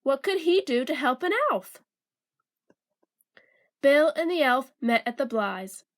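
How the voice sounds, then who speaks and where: A woman reading a children's storybook aloud in a slow, careful, sing-song way. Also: sits high, lively intonation.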